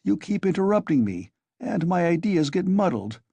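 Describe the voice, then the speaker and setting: A man's voice: high-pitched, big pitch swings, moderate pace, gravelly, dark tone, slightly rough, no echo, voice pushed up, full character voice. Feverish agitated young man, read by a man. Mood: irritable. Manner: irritable, insistent outbursts.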